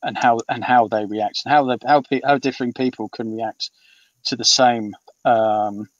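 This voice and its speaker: A man's voice: medium pitch, fairly even intonation, moderate pace, no echo. A British man in his fifties, an author being interviewed, talking in a rambling way with many ums and restarts. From Britain. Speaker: author guest. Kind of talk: casual interview chat. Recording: muffled, distant and dry.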